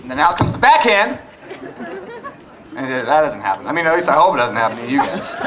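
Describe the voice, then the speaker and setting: A man's voice: medium pitch, big pitch swings, brisk, fairly bright tone, some chatter behind, low-quality recording. A young man doing a stand-up comedy set, acting out both sides of arguments with his wife. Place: comedy club stage. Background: audience laughter.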